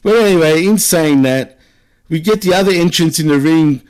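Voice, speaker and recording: An Australian-accented man co-hosts a casual wrestling podcast, chatting through a recap and laughing a lot. His voice is a little high and a little mellow, at normal speed. He often tags his lines with "right?"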